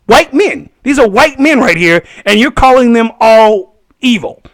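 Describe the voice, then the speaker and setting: A man hosting a solo podcast, ranting in an animated way and laughing often. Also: very high voice, measured pace. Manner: animated and laughing, acts out voices. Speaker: podcast host.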